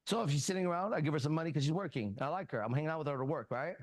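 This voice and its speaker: A man's voice: on the high side, racing, no echo. Blunt, profane male host. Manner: blunt, profane, coaching a younger man; animated anecdotes with quoted dialogue. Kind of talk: casual advice talk and storytelling.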